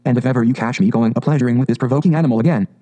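A man's voice: mid-range voice, rapid-fire, dark tone, natural voice. A man voicing a stern, practical male water rat who speaks firmly, in a storybook reading. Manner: firm and stern.

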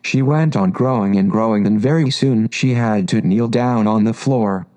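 A man narrating a classic storybook in a measured, unhurried reading. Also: fairly low pitch, dark tone, low-quality recording.

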